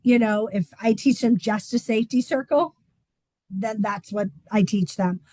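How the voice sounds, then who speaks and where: A woman's voice: mid-range voice, unhurried, mellow, dry recording, poor audio. A woman swim instructor giving a casual, chatty talk, with frequent "um" fillers.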